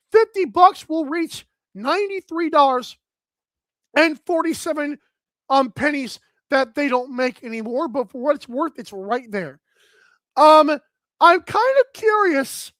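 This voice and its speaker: Energetic guy hosting a betting talk show, loud and outspoken, dry close mic. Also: very high voice, dry recording. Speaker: host.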